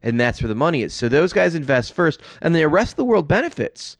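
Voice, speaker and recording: A man's voice: fairly high pitch, big pitch swings, brisk, dry recording. An American man hosting a podcast, joking and giving opinions in casual interview chat. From United States. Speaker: podcast host.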